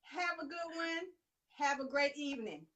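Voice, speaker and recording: A woman's voice: high-pitched, normal speed, sharp tone. A woman from Texas, hosting a live online interview and hyping up her viewers. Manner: upbeat, hypes viewers, says y'all. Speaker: interview host. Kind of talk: casual live show sign-off.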